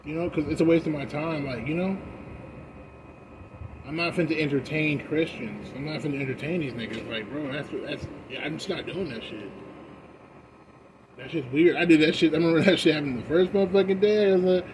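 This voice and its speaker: A young man ranting casually while high, profane and rambling, with loud bursts that drop to mumbling. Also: a little fast, background noise. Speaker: vlogger. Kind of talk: casual rant.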